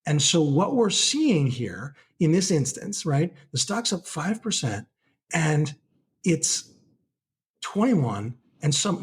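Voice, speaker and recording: A middle-aged man who is a guest market analyst on a casual podcast interview. He explains things as an animated storyteller and acts out trading-desk dialogue. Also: a little high, slightly rough.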